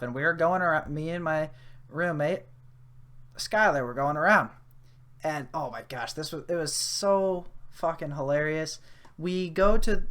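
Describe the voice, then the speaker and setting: A young woman hosting a podcast, telling a casual story full of fillers and restarts. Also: low-pitched. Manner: rambling with many fillers and restarts; grows animated and loud at the climax. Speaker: podcast host.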